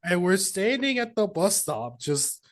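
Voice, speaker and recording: A woman's voice: medium pitch, big pitch swings, measured pace. A woman hosting a casual interview chat, playful, laughing through her stories. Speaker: podcast host.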